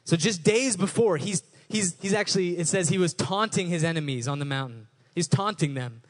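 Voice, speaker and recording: A young adult male pastor with a somewhat high-pitched voice gives a sermon at normal speed. He sounds conversational rather than formal, often restarting and repeating words as he works out his thoughts aloud.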